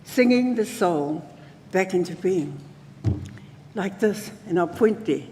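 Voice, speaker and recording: A woman with a New Zealand accent gives a talk at a conference. She is playful and engaging, and she keeps drawing the audience in with asides. Her slow delivery echoes through a large hall over faint background ambience. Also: fairly low pitch, lively intonation, dark tone, a little hiss or hum. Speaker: conference speaker teaching traditional singing. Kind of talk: spoken talk with sung demonstrations.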